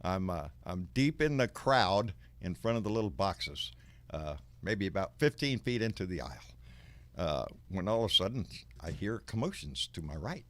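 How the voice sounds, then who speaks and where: A man hosting a live talk show, telling a story in an animated way and cursing freely. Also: low-pitched, normal speed, dry recording. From Texas. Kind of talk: casual chat with a caller.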